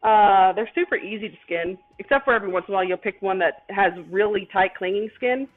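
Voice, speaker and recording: A woman's voice: mid-range voice, fast talker. A woman hosting a cooking livestream, talking casually in a rambling, chatty, self-deprecating way as she preps food. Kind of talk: casual chat while cooking. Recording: tinny phone-like stream audio with faint music.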